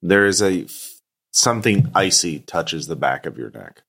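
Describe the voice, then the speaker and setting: A man's voice: deep voice, animated, normal speed, vocal fry, a bit bright. A man narrating a tabletop game as game master, with hesitant fillers between descriptions.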